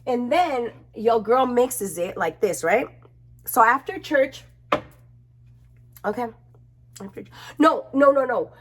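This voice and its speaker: A young woman chatting casually to her camera at home, expressive and chatty, swearing freely. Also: fairly high pitch, slow pace, pauses often, a little hiss or hum. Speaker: beauty vlogger.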